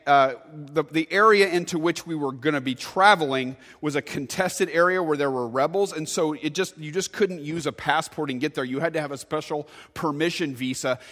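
A man, preaching a sermon and telling a story with sudden loud bursts. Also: fairly high pitch, long reverb tail. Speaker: pastor.

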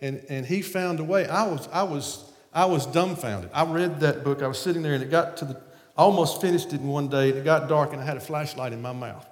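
A man with a Southern American accent tells a story on stage, animated and quick to laugh. His voice sits a little high for a man. It rings out through a large hall with long, echoing reverb. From Southern United States. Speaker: speaker on stage. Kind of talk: storytelling talk to an audience.

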